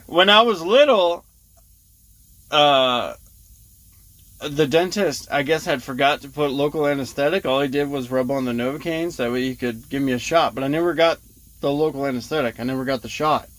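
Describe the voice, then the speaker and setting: A man's voice: a little high, fairly bright tone. A man talking casually to his vlog audience, rambling with lots of fillers and short laughs as he tells a story. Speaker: vlogger.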